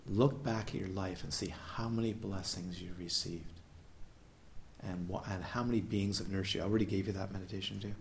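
A man's voice: low voice, steady tone, a little fast, gravelly, a little hiss or hum. A man giving a playful, questioning dharma talk as a meditation teacher at a retreat. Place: retreat hall.

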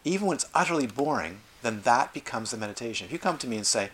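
Animated man giving a dharma talk. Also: medium pitch, fast, hardly any pauses. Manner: animated, acts out quoted voices, lively asides. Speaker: meditation teacher.

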